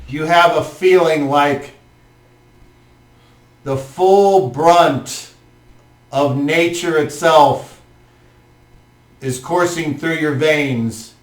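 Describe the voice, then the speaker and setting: Male game master, descriptive and halting, recorded at a distance in a roomy space. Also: a little high, a bit bright. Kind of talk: narrating a tabletop game. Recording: roomy room, mic far off.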